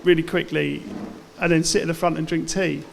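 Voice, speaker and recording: A man with a high, gravelly voice chats as a guest on a live podcast in front of an audience. He tells his stories by acting out other people's lines, and faint room noise sits under his voice. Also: fairly even intonation, brisk. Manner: chatty storyteller, acts out others' lines. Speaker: podcast guest, former baking contestant. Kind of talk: live podcast interview chat. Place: live venue before an audience.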